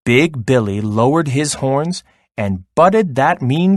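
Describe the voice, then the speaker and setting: A man reading a children's story aloud in a slow, expressive way. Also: medium pitch, no echo. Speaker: narrator.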